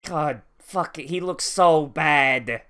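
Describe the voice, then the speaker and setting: An anime reviewer talks through an episode in loose, profane, rambling commentary. The delivery is animated and full of asides. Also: mid-range voice, slow pace, clean tone. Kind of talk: casual reaction commentary.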